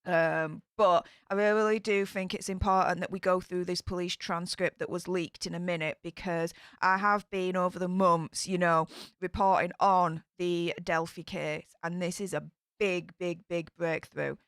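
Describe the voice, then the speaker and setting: A woman's voice: fairly low pitch, fairly even intonation, measured pace, smooth, dry recording, clean studio sound. A young woman with a Yorkshire accent chatting casually on a live stream, greeting viewers by name. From England.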